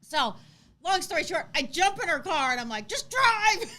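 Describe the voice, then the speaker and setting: A woman in her thirties co-hosting a casual live chat, telling a story with lively acted-out quotes and frequent laughter. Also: sits high, moderate pace. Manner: animated storytelling, acts out quotes, laughs often. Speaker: co-host.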